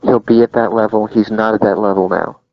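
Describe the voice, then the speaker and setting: A man's voice: lowish voice, steady tone, brisk. A man chatting casually about wrestling, emphatic and opinionated. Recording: dull lo-fi sound, dry.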